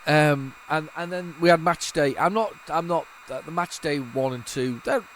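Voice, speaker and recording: The host of a retro gaming channel, speaking at a moderate pace in a voice on the high side, rambles casually as old game tapes load, restarting often. The audio is a bit bright, with a little hiss or hum.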